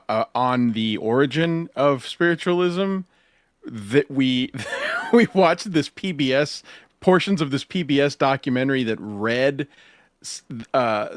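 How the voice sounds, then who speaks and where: A man hosting a podcast, telling animated anecdotes in casual chat and laughing as he goes. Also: mid-range voice, no echo, studio quality. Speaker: podcast host.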